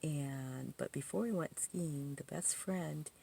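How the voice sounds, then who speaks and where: Brief: woman storyteller, low gravelly voice, rambling and indignant, lots of asides. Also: takes it slowly. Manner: rambling, full of "you know" asides and restarts; indignant, animated retelling. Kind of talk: casual personal storytelling.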